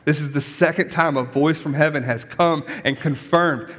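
A man preaching a sermon in a conversational style, animated, tossing in asides to the congregation. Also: fairly high pitch, normal speed, hardly any pauses. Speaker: pastor. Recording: long church reverb.

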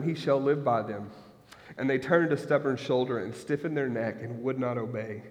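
A male pastor in his thirties delivers a sermon, moving between measured scripture reading and quick, joking asides to his listeners. His voice sits at an ordinary middle pitch for a man. It carries a long reverb, as if filling a large church sanctuary. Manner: reads scripture then breaks into lively asides.

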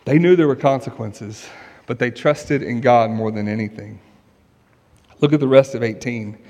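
A man's voice: medium pitch, moderate pace, darkish tone. A male pastor preaching a sermon in an earnest, emphatic way, asking rhetorical questions. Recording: long reverb of a large hall.

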